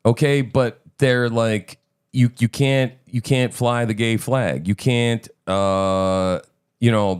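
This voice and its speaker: A man's voice: medium pitch, a little mellow, no room sound, clean studio sound. A male host giving sarcastic, profane political commentary over news clips, with emphatic ranting. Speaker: show host.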